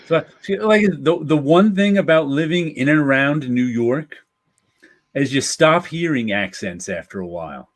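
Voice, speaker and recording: A man's voice: a little high, lively intonation, normal speed. A man co-hosting a casual show, telling stories in a loose, rambling way. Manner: rambling, loose storytelling with restarts. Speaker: co-host. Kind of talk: casual chat.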